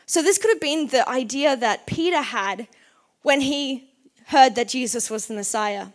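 A woman's voice: sits high, animated, a little slow. A woman giving a casual sermon, chatty and full of "like", acting out the people in the story as she retells it. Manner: chatty, uses "like" often, acts out quotes. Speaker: preacher.

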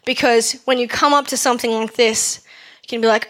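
A woman delivers a sermon in an easy, conversational tone, her voice sitting a little high. She asks the congregation questions and builds her points through repetition. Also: steady tone, fairly quick, a bit bright. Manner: repeats phrases for emphasis. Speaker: preacher.

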